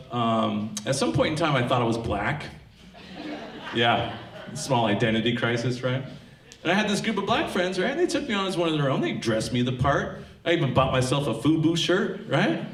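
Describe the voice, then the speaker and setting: A man's voice: mid-range voice, moderate pace. A stand-up comedian in his thirties from Tacoma, telling stories on a theatre stage and acting out the voices of the people in them. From Tacoma, Washington. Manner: animated storytelling, acting out quoted voices. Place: theatre stage with live audience. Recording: echoey theatre with audience laughter.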